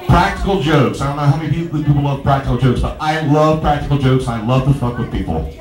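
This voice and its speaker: A man's voice: mid-range voice, fast talker. Rambling male stand-up comic in a bar. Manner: rambling, stammering storytelling with crowd asides. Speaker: stand-up comedian. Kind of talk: stand-up comedy set. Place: small bar stage. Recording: echoey bar room.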